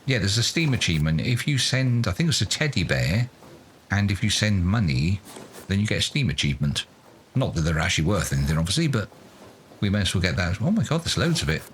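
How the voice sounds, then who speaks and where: A man's voice: low voice, very animated, a little fast, a little hiss or hum. A man doing let's play commentary, muttering to himself in a self-mocking, exasperated way. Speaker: gaming YouTuber.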